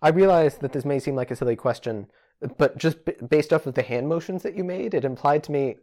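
A man in casual chat, reacting thoughtfully with halting, wordy restarts. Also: on the high side, mellow. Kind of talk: casual conversation.

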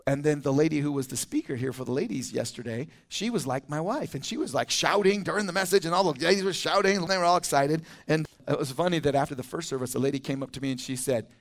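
A man with a notably high-pitched voice preaches a verse-by-verse sermon. He talks in a relaxed, conversational way and drops in lively asides between readings. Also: fast, few pauses. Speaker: teaching pastor. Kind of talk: expository sermon. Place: church.

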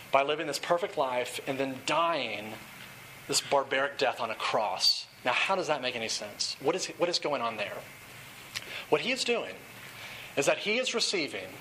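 High, bright-voiced young preacher. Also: male voice, slight background noise. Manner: earnest preaching mixed with playful storytelling. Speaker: pastor. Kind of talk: sermon.

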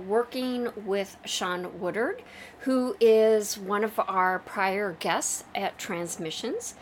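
A woman co-host of a podcast reading announcements and sharing news in a lively, unhurried way. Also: mid-range voice, a little hiss or hum.

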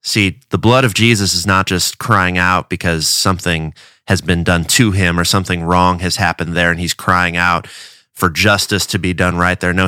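A man's voice: deep voice, bright, forceful tone, no echo, studio quality. A man from a church giving a casual devotional talk, earnest and conversational, often restarting his words.

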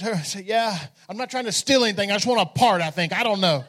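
Male pastor, very high voice, lively comic storyteller who rallies the congregation. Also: fast. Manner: energetic, humorous, calls out to the congregation. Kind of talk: storytelling sermon.

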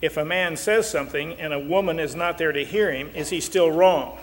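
A man's voice: on the high side, brisk, big-room sound. An older man and marriage counselor teaching in a folksy, joking way, acting out little quotes. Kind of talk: talk show teaching.

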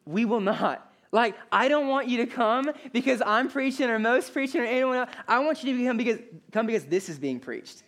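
A man's voice: extremely high pitch, animated, fairly quick, hardly any pauses, a bit bright. A man, a pastor, preaching a sermon with emphatic repetition and calls for the congregation's response. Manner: emphatic, repeats key phrases, asks the congregation for responses.

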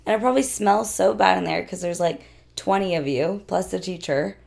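Hoarse young woman with a gravelly low voice. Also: fairly quick, darkish tone. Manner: chatty, lots of fillers, laughs often. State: hoarse, voice worn out. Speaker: podcast co-host. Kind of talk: casual chat.

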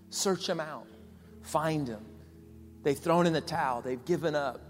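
A male pastor preaching a sermon, repeating phrases with emphasis and swinging between loud and soft. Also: medium pitch. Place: large church hall. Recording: long hall reverb with soft music behind.

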